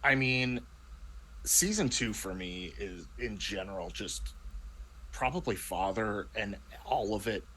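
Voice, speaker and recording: A man with a fairly low voice, chatting loosely about the game he plays in. He talks in a rambling way, breaking off and restarting sentences, with faint noise behind him. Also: animated, takes it slowly, a bit bright, poor audio. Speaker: player in a tabletop role-playing show. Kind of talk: casual chat.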